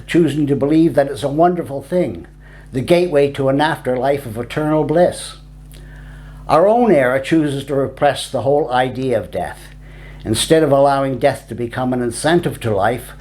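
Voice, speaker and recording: A man's voice: medium pitch, a little mellow. A man giving scripted narration of a reflective essay in a wry, darkly humorous manner.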